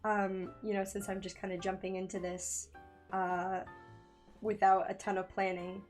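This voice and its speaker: Young woman streamer, home mic, middle pitch, giggly and flustered, faint music underneath. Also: flat delivery, a little slow, darkish tone. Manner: nervous, giggly, loses her train of thought. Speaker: streamer and digital artist. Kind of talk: casual live-stream chat while drawing. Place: home room by a window. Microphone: studio microphone in a makeshift home setup.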